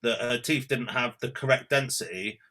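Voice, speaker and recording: Bright jokey host. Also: male voice, mid-range voice, normal speed. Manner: jokey, sweary banter. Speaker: podcast host. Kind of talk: casual podcast chat.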